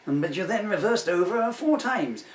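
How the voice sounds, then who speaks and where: A man's voice: high voice, animated, moderate pace, a little hiss or hum, voice pushed up. A stern, pompous old judge grilling a defendant in a raised, pointed voice, as a man puts him on. The sound is roomy and comes from a distant mic. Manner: cross-examining, pointed.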